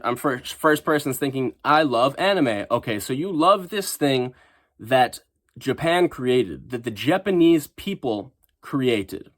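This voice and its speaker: A man with a nasal, stuffed-up voice from a sinus infection, ranting casually to camera in slangy vlog style. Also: medium pitch. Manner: casual slangy rant, mocking quoted voices. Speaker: vlogger. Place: living in Japan.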